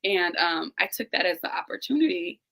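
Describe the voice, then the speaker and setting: A woman in her thirties speaks candidly as a guest on a live-stream call, earnest and close to tears. Her voice sits low and gravelly, with a bright, forceful edge. She talks straight to the listeners. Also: animated, fairly quick, low-quality recording. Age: 30s. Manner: earnest, emotional, addresses listeners directly. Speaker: guest, teacher and business owner. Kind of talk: candid personal conversation. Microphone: remote live-stream call.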